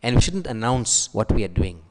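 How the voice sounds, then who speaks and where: A man giving a sermon, telling stories and acting out the quoted voices with a raised pitch. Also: big pitch swings, moderate pace, a little mellow. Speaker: preacher. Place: temple hall. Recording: long hall reverb.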